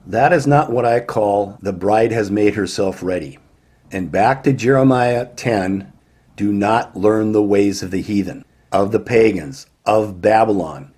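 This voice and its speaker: A man's voice: fairly low pitch, measured pace, a little mellow, husky. A man preaching a warning sermon, emphatic and firing rhetorical questions at his listeners.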